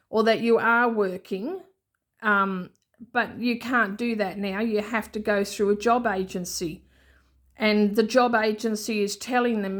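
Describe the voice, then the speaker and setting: An Australian woman talking in a rambling, chatty way with many asides, in an unscripted casual vlog. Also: medium pitch. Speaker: budgeting vlogger.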